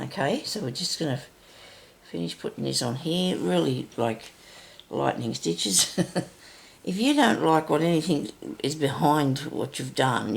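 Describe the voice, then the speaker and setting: An older woman with a raspy, deep voice, chatting and rambling through a casual stitching tutorial as host. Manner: chatty, rambling, self-interrupting.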